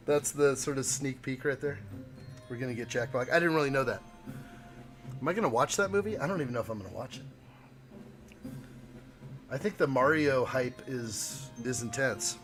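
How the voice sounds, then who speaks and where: A man's voice: mid-range voice, normal speed, long pauses, music in the background. Playful man hosting a live stream. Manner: playful, jokey, reads chat aloud. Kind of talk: casual live-stream chat.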